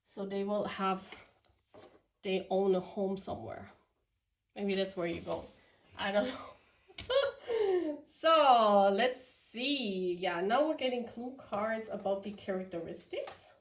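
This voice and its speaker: A woman's voice: medium pitch, a little slow, rough recording. A woman from Germany giving a casual tarot reading, chatty and giggly, talking straight to her viewers. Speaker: tarot reader.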